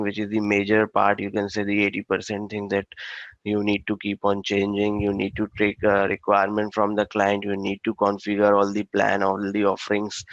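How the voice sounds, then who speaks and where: A male instructor explains a technical system in a halting way, full of fillers and restarts. His low voice stays flat and even. The recording sounds dull and lo-fi, with a dry, close sound. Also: dry recording. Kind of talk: technical training lecture.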